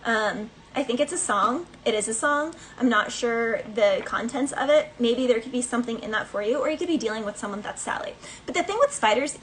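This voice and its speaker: A woman's voice: a little high, animated, fairly quick, slight background noise, poor audio. A woman giving a casual tarot reading in a chatty, playful way, laughing between thoughts. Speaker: tarot reader.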